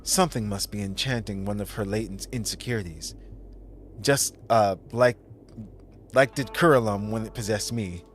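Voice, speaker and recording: A man's voice: fairly low pitch, moderate pace, faint music behind. A man streaming a video game, casually reading its dialogue aloud and doing voices. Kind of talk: casual let's-play commentary.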